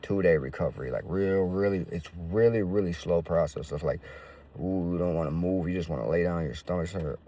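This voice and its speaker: A man's voice: sits low, brisk, warm tone, far from the mic. A man telling his own life story in a casual, slangy, profane way.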